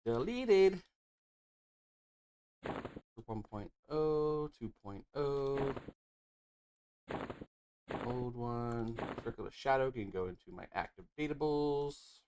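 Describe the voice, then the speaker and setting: A man's voice: mid-range voice, expressive, slow pace, long pauses, background noise. A man streaming a game, muttering casual commentary while sorting his items. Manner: mumbled, offhand remarks while sorting items.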